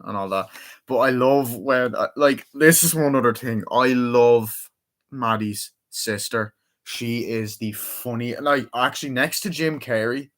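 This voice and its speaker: A man's voice: on the low side, a bit bright. Rambling young man reviewing a movie. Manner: rambling, swears freely, retells scenes.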